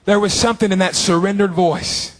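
Male preacher, high voice, fervent sermon delivery with stretched-out lines. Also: fairly even intonation. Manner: fervent preaching with long drawn-out phrases.

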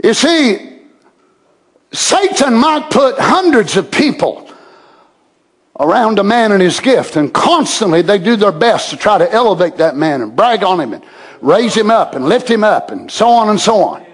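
Impassioned high-voiced preacher, shouting and hushing. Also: male voice, very animated, normal speed. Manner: impassioned, swings between shouting and hushed asides. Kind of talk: sermon.

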